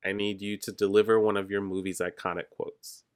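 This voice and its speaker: A man's voice: lowish voice, little pitch movement, brisk, smooth, no room sound, studio quality. A man hosting a movie podcast game, giving playful, bossy calls. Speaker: game host. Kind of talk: casual podcast chat.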